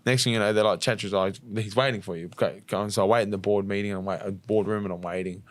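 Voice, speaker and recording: A young Australian man, a fighter guest on a podcast, telling a story in a lively, casual way, acting out the quotes and swearing now and then. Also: lowish voice, no room sound. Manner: rapid, animated storytelling with acted-out quotes and swearing.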